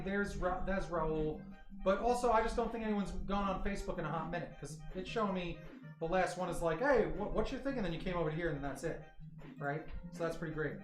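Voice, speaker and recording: Excitable man chatting on a livestream. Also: high voice, fairly quick. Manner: excitable, rambling, talks to chat. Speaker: livestream host. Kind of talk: casual livestream chat. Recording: roomy echo, faint music.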